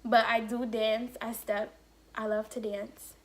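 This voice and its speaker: A woman's voice: fairly high pitch, unhurried. A young woman vlogger telling a casual story, acting out quotes and saying "like" often. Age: young adult. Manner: animated storytelling with acted-out quotes and lots of "like". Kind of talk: casual story-time chat.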